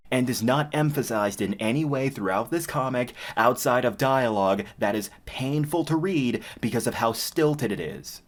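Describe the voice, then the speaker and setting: A man giving a mocking, profane commentary, often laughing in disbelief as he reviews something. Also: on the low side. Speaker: comic reviewer. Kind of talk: sarcastic commentary.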